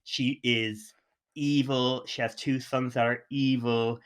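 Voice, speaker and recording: A man's voice: medium pitch, little pitch movement, slow pace, smooth. A man co-hosting a podcast, chatting casually and enthusiastically about films, rambling with frequent restarts. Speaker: podcast co-host. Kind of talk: casual film chat.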